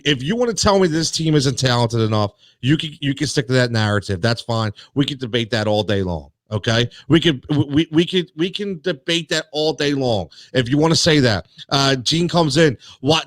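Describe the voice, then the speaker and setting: A man's voice: fairly high pitch, animated, normal speed, few pauses, fairly bright tone, no room sound. A man hosting a sports talk show, ranting in a heated, worked-up way with many restarts and repeated words.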